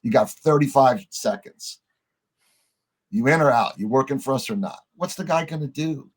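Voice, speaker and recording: A middle-aged man, a podcast guest, telling a story in a lively way, acting out the lines of the people in it and swearing casually. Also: medium pitch, normal speed. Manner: animated storyteller, acts out quoted dialogue, swears casually.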